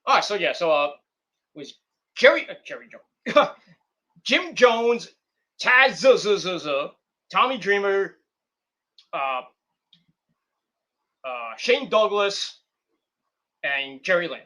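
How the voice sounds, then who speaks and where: A man's voice: high voice, very animated, slow, long pauses, bright, forceful tone. A man hosting a casual wrestling talk stream, rambling and profane, with many restarts and fillers. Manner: rambling, profane, full of "you know" and restarts. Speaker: streamer host.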